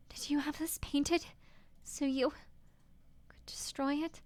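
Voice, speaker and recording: A woman's voice: high-pitched, bright, forceful tone, no room sound, voice pushed up, full character voice. Woman voicing a trembling, pleading young woman. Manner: trembling, stammering, breaking into whispers. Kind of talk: reading game dialogue aloud.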